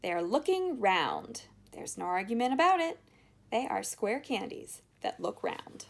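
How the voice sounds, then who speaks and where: Woman reader plays a quick, bossy, triumphant eccentric chocolate maker with a lively, leaping voice. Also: medium pitch, vocal fry, exaggerated voice. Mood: eager.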